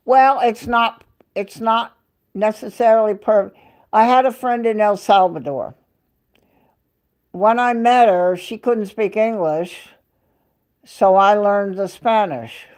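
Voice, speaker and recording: A woman's voice: medium pitch, takes it slowly, long pauses, a little mellow. An older woman hosting a casual live chat from home, rambling and dropping in bits of Spanish and French. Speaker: livestream host.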